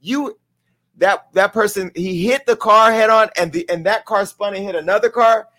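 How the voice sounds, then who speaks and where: A man's voice: high voice, steady tone, moderate pace, bright, forceful tone. Brash comedic gossip host, man. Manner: brash, candid, comedic storytelling. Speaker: talk show host. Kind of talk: gossip commentary.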